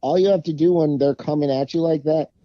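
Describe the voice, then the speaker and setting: Male podcast co-host, very dark mellow voice, muffled dry lo-fi sound, measured explainer. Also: on the high side, fairly even intonation, no echo. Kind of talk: casual sports chat. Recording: dull, muffled mic.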